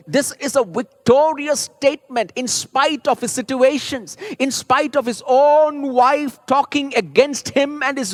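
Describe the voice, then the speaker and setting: A man's voice: high voice, no echo. A man preaching a sermon as a pastor, earnest and rising to fervent emphasis. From India.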